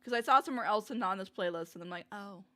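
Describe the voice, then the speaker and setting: A woman streaming live, reacting to videos in an excitable, giggly way with frequent exclamations. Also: mid-range voice, rapid-fire.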